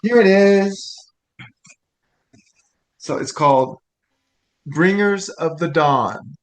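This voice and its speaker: A chatty podcast co-host with a somewhat high-pitched male voice. He rambles from one thought to the next and laughs easily. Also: very slow. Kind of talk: casual podcast chat.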